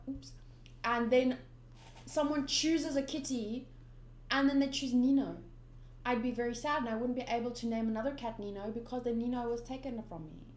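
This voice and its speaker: A woman's voice: fairly high pitch, darkish tone, a little hiss or hum. A young woman hosting a manga readthrough, chatting casually with lots of ums and giggly asides. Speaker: manga reader and channel host. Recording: roomy echo.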